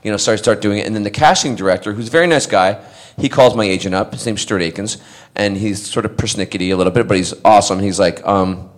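A middle-aged man, born in Scotland, spins a casual panel anecdote. His voice sits a little low, and he stays animated, slipping into other people's voices and breaking into laughter. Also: fast talker. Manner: animated storyteller, acts out voices, laughs often. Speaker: actor telling convention stories.

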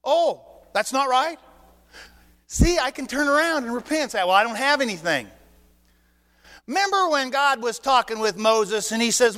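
A high-pitched man preaching to his congregation, animated and full of rhetorical questions. He acts out both sides of little conversations as he goes. His voice rings out with the long reverb of a church hall. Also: moderate pace, long pauses. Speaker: pastor. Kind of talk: sermon. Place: church sanctuary.

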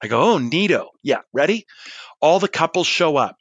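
A man's voice: fairly high pitch, moderate pace, dry recording, highs cut off. Forty-something guy spinning a story, chatty, dry close sound. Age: 40s. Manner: animated, chatty, acts out quoted dialogue. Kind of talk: storytelling monologue.

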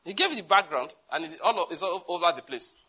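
Bright-toned Nigerian pastor preaching. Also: male voice, sits high, fast talker. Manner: animated, joking asides, laughs at own lines. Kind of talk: sermon.

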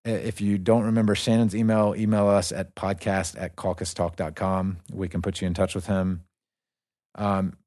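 Upbeat low-voiced male podcast host. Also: a little mellow. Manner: upbeat, friendly, easygoing. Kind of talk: casual podcast chat.

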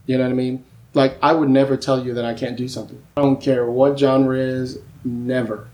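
Lively storytelling male screenwriter. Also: medium pitch, a little fast. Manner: lively storyteller who acts out quoted voices; keeps asking "you know what I mean?". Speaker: screenwriter and podcast guest. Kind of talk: casual podcast conversation.

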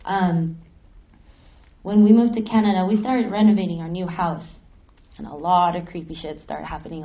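Animated woman telling a spooky story. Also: mid-range voice, dull audio. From Mexico City. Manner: animated, laughing, swears casually. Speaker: panel guest. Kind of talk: live panel storytelling. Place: stage at a film festival panel.

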